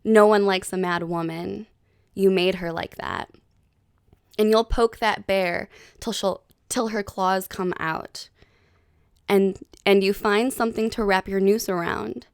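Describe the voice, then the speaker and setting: A woman in her thirties hosting a podcast, chatting casually in an animated, heated way with plenty of swearing. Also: medium pitch, a little slow, creaky, clean tone, no room sound, studio quality. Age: 30s. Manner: animated, profane, heated storytelling. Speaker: podcast host. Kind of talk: casual chat.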